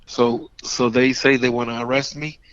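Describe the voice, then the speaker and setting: A middle-aged man from Puerto Rico who speaks Spanish natively, telling animated stories in broken English with a Puerto Rican Spanish accent, full of restarts and fillers, punctuated by sudden loud bursts when he acts out quotes. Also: mid-range voice, normal speed, clean tone, no echo. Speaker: guest, former wrestler. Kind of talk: animated storytelling in an interview. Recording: dull, slightly lo-fi podcast audio.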